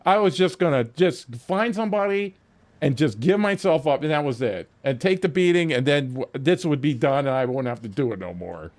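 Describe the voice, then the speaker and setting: A man streaming a game, telling a long story casually with lots of swearing and acting out his own lines. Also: fairly high pitch. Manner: profane, animated storytelling with frequent restarts. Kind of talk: casual storytelling while gaming.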